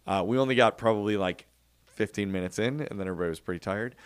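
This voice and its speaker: Middle-aged male co-host, lower register, animated and laughing storyteller, dry booth sound. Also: rapid-fire, smooth, dry recording. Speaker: podcast co-host. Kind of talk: casual chat.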